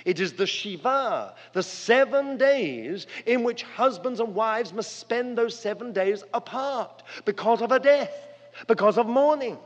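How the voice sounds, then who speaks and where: A man's voice: animated, a little slow. Older man preaching in an echoing hall. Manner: earnest, dramatic storytelling with wide swings of pitch and loudness. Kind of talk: sermon. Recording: long hall reverb, dull lo-fi sound.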